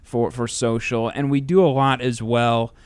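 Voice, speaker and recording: A man's voice: medium pitch, flat delivery, measured pace, clean tone, dry recording. A man from St. Louis hosting a podcast interview, asking long, winding questions in a conversational way. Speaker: podcast host.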